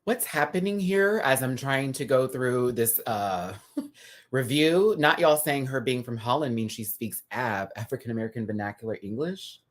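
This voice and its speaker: A man's voice: lively intonation, moderate pace. Sassy man hosting a live review. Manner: sassy and chatty, full of drag slang; laughs often, dramatic pitch swings. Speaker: host reviewing a TV episode live. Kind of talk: casual live-stream review.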